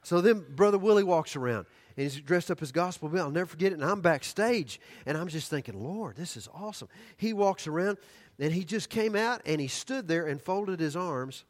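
An older man preaching a sermon, telling stories animatedly and then dropping to hushed, earnest tones. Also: a little high, animated, fairly quick. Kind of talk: sermon storytelling.

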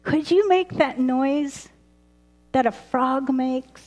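A woman voicing an excited, adorable little girl with a high, squealing voice. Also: slow pace. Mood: pleading. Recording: roomy hall reverb.

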